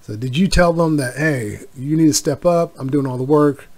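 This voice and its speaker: A man's voice: on the high side, moderate pace, darkish tone. Rambling man on a solo podcast. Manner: rambling, with many fillers and asides. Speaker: podcast host. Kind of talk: casual solo podcast monologue.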